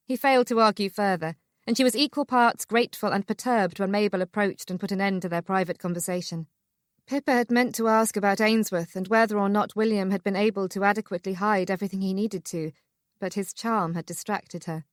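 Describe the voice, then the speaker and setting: A woman reads a historical romance audiobook in a measured, steady voice of middling pitch. The sound is close and dry, with no room around it. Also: dry recording. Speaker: audiobook narrator. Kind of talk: scripted audiobook narration.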